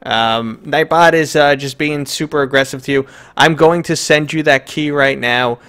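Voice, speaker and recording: A man's voice: fairly high pitch, moderate pace, a bit bright, clear, resonant tone. A man with a New York accent hosting a live stream, chatting loosely and joking with lots of fillers. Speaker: streamer host. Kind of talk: casual live-stream chat.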